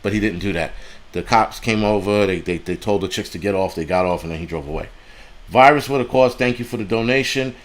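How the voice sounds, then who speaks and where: A man's voice: fairly low pitch, fairly quick. A man hosting a live stream, angrily retelling a street argument with lots of swearing and quoted back-and-forth. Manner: profane, heated retelling with quoted dialogue. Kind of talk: angry storytelling on a live stream.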